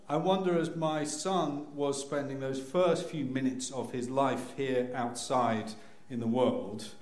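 A man telling a humorous personal story to an audience, acting out scenes with sudden loud cries. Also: mid-range voice. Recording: echoey room.

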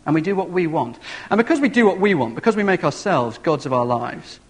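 A man preaching a sermon, telling a story in an animated, vivid way. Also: a little high, fairly quick.

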